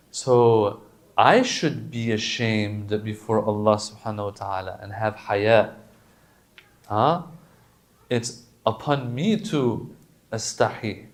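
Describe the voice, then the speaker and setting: Guy giving a chatty sermon at a mosque, repeats stuff for emphasis, goes quiet then loud, mid-pitch voice. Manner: conversational, drops to soft asides then rises sharply for quoted lines. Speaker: religious lecturer.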